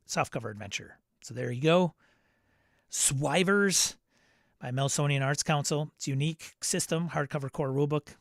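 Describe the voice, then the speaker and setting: In a dry, studio-quality recording, a podcast host with a gravelly, medium-pitched voice does a casual solo news rundown. He chats his way through product listings, reading each one out and riffing on it with laughs and asides.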